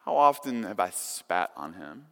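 A man preaching a sermon, earnest, his volume swinging from hushed to loud. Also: sits low, sing-song, unhurried, vocal fry. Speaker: pastor. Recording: long reverb of a large hall.

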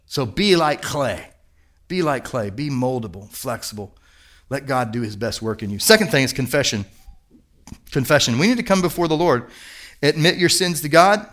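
A man's voice: medium pitch, expressive, moderate pace, a bit bright. A middle-aged man preaching a sermon as pastor, earnest and emphatic, repeating key words for weight.

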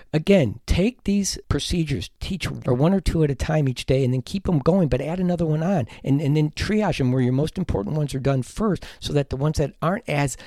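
A man's voice: on the high side, warm tone, no echo, clean studio sound. A man, a teacher hosting an advice podcast, talking earnestly and emphatically, at times heated.

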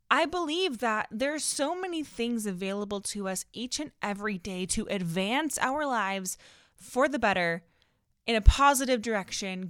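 A woman's voice: fairly high pitch, lively intonation, moderate pace, a bit bright, clear, resonant tone, no echo, clean studio sound. A young woman with a Californian Valley girl accent, hosting a casual solo podcast and telling a story in a bubbly, dramatic way, laughing often and saying "like" a lot. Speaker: podcast host.

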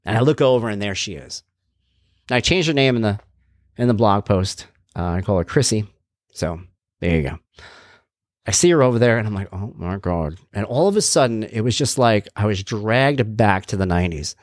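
A man's voice: fairly low pitch, animated, brisk, dry recording. A man in his thirties hosting a podcast, telling a casual, self-mocking story and acting out the voices he quotes. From Long Island, New York. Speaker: podcast host.

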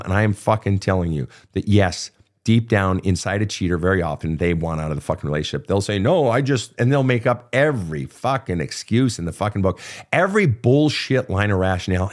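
Middle-aged man, counselor, blunt and swearing, animated swings in pitch. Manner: blunt, profane, emphatic. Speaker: relationship counselor and podcast host. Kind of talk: casual advice monologue.

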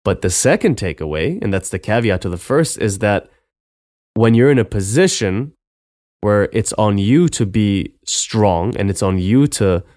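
A man's voice: lowish voice, animated, unhurried, a little mellow, dry recording, studio quality. A man hosting a podcast, giving an earnest solo advice talk that often ends points with "right?". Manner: earnest, lecturing, with frequent "right?" tags. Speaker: podcast host.

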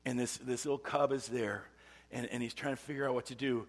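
A man preaching a sermon as pastor, telling a story and shifting between loud emphatic bursts and hushed, near-whispered lines. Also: mid-range voice, fairly even intonation, a little fast, big-room sound. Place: church sanctuary.

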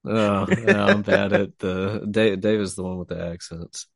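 A man's voice: on the low side, steady tone, a little slow, gravelly, no echo, studio quality. A man from Texas, a writer talking loosely and profanely as a guest in a casual interview. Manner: loose and profane, laughing easily.

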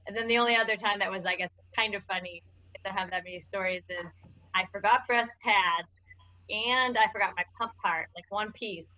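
A woman telling a personal work story in casual chat, halting with many restarts. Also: mid-range voice, pushed and bright. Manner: hesitant, many fillers and restarts. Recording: dull lo-fi sound.

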